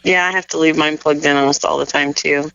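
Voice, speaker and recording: A man's voice: on the high side, fairly even intonation, fairly quick, gravelly, sharp tone, clear, resonant tone, no room sound, dull audio. A man from Colorado co-hosting a podcast in easygoing casual chat. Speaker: podcast co-host.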